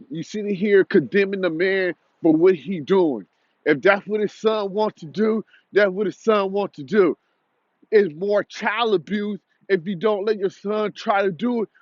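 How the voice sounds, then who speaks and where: A man's voice: sits high, no room sound. Heated young man ranting, lo-fi. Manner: heated, repetitive, confrontational. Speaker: commentator. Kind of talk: angry commentary rant.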